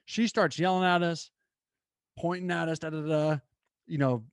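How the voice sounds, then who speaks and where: A young man hosting his own show, telling a story in an animated, casual way with lots of fillers. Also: a little high, normal speed, clear, resonant tone, dry recording, clean studio sound. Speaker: podcast host.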